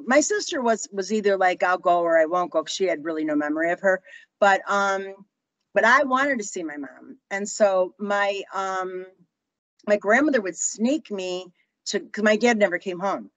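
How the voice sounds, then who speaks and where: A woman's voice: medium pitch, no room sound, poor audio. A woman in her sixties, a guest telling personal stories in an interview and acting out the voices of people she quotes. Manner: animated, acts out quoted voices. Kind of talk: storytelling interview.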